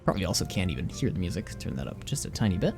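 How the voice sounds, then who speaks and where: A young man in his twenties chats through a game stream in a loose, rambling way and breaks into easy laughter. His pitch moves a lot, rising and dipping as he talks, and faint music plays behind him. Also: very animated, rapid-fire, gravelly. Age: young adult. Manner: chatty and rambling, laughs easily. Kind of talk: casual gameplay commentary.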